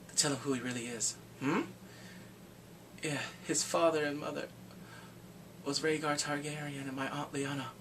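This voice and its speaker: A man voicing a calm, detached young man in a quiet, low monotone. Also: fast, few pauses, close to an everyday voice. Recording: distant mic, faint background hiss.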